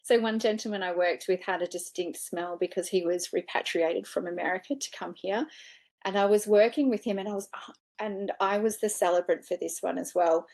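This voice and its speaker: A woman's voice: mid-range voice, a little fast. A woman funeral director and celebrant in a casual interview, talking earnestly and acting out the words she quotes in her stories. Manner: animated storyteller who acts out her own quoted words.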